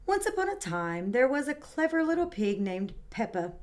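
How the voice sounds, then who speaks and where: A woman teaching kindergarten and reading a picture book aloud, who models words clearly and praises the children warmly. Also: sits high, big pitch swings, normal speed, slight background noise. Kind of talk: read-aloud lesson for young children. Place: home, indoors.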